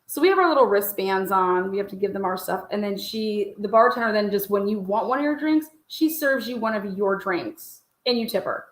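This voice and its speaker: A woman telling a story casually in an interview, blunt and animated, swearing freely. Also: medium pitch, a little fast, hardly any pauses, echoey room.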